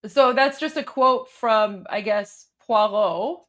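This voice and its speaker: Woman, from Iran, live-stream co-host, short measured remarks, slow pace, high voice. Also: a bit bright. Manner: brief, measured interjections. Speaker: livestream co-host. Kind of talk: casual live-stream chat.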